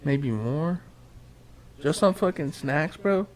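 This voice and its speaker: Casting: man, podcast co-host, casual banter, quick to laugh, cusses freely. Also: a little high, lively intonation. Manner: laughs often, swears freely.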